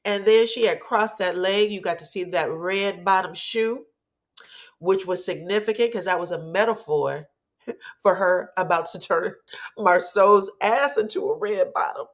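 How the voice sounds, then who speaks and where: A woman hosting a commentary show, recapping a reality TV scene in an animated, sassy way and acting out what people said. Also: medium pitch, a little slow. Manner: animated retelling, acts out quotes, sassy asides.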